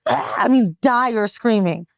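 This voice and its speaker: A woman co-hosting a podcast, telling a long story in casual, profane chat with lively voiced quotes. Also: medium pitch, fairly quick, dry recording, clean studio sound. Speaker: podcast co-host.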